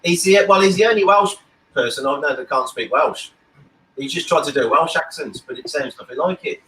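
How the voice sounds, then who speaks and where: A man chatting casually in a group, asking lively questions. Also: fairly high pitch, a little fast, reverberant, distant mic, low-quality recording. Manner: animated, questioning. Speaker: chat participant.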